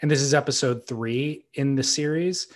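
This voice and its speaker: A man co-hosting a podcast, chatting casually about surfing in a relaxed, teasing way. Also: medium pitch, moderate pace. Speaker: podcast co-host. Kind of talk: casual surf talk chat.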